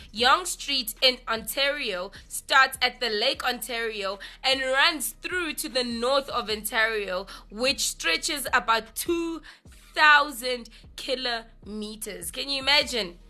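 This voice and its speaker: South African woman radio host, young, bright-toned, slightly high, chatty and loose. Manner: chatty, lots of "like" and "listen". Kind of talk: casual radio chat.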